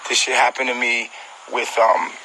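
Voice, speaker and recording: A man's voice: medium pitch, little pitch movement, normal speed, bright, forceful tone, slight background noise, rough recording. A man venting at home on a phone livestream, upset and hurt, talking straight to his viewers with repetition and swearing. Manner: agitated, repetitive, profane, talks directly to viewers. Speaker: vlogger on a live stream. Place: at home, indoors.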